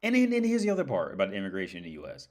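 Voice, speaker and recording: A tired American livestream host tells rambling stories in a casual, profane monologue, laughing often. His voice is deep, rapid-fire, and swoops wildly in pitch.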